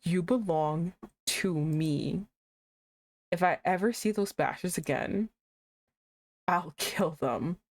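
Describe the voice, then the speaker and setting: A woman voicing a possessive, brooding young man from a dating game, low and slow. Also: no echo. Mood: threatening.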